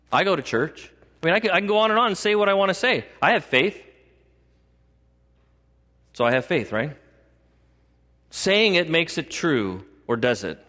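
A man's voice: high voice, a bit bright. A male pastor preaching a sermon in an emphatic style, with rhetorical questions and storytelling. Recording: long hall reverb.

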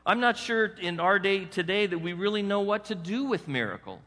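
Animated pastor preaching in an echoey hall. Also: male voice, high-pitched, moderate pace. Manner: animated, coaxing the congregation with rhetorical questions. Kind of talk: sermon.

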